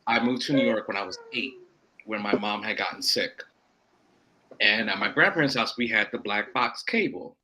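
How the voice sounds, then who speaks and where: A man from Florida, a wrestler guesting on a podcast, telling a rambling story full of quoted self-talk and quick asides. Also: fairly low pitch, background noise. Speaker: indie pro wrestler guest. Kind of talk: casual podcast chat.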